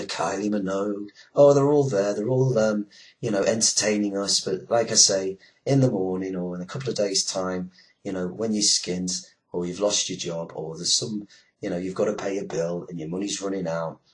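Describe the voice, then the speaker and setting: A British man hosts an internet radio show in a loose, ranting monologue. His voice sits very low, and he wanders through fillers and sarcastic asides. He swears freely as he talks. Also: fairly bright tone.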